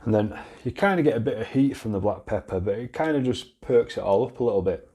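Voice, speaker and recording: A low-voiced Yorkshire man who reviews beard products chats bluntly and casually about them, swearing freely and trailing off into restarts. He talks fast and expressively, with a dark, husky tone.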